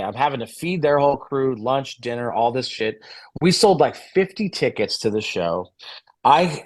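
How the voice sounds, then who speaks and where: A man around forty, a guest musician and promoter, telling stories in a casual interview. He swears freely and acts out the people he quotes. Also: medium pitch. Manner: profane, animated storyteller, acts out quoted dialogue.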